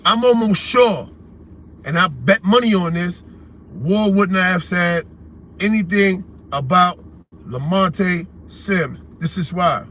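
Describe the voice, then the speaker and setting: A man with a New York accent hosts a call-in livestream, ranting heatedly and casually in blunt, confrontational street slang. His voice sits high with a sharp tone, he takes it slowly, and a slight hiss or hum is present.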